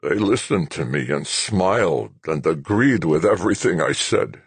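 A man voicing a cranky, failing old general who speaks slowly in a slurred, croaking voice. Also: low voice, animated, dry recording, exaggerated voice. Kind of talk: audiobook character voice.

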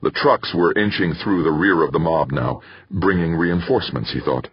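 A man narrating an audiobook in a steady, somber way. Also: low-pitched, moderate pace, husky, no echo. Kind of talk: scripted narration. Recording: muffled dry recording.

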